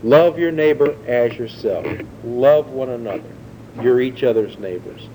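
Guy preaching a sermon, kinda mellow dark voice, chatty teaching, asks the crowd stuff. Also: medium pitch, a little slow, a little hiss or hum, low-quality recording. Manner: conversational teaching, asks the audience questions.

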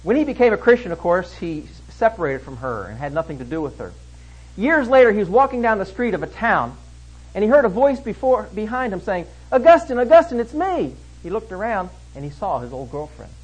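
A man preaching an expository sermon, emphatic, swinging between loud stresses and hushed lines. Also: sits high, big pitch swings, a little fast, slightly rough, poor audio.

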